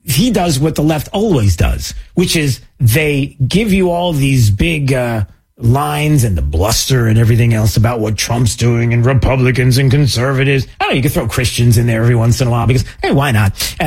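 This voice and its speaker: A man's voice: mid-range voice, lively intonation, normal speed, darkish tone, breathy edge. A man hosting a political commentary show, sarcastic and mocking, with many filler words.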